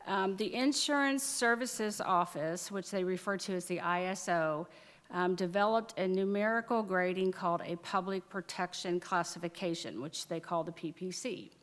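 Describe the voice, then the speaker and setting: A woman's voice: on the low side, moderate pace. A woman council member giving a committee report at a city council meeting, reading from notes with frequent fillers. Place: council chamber. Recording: reverberant council chamber.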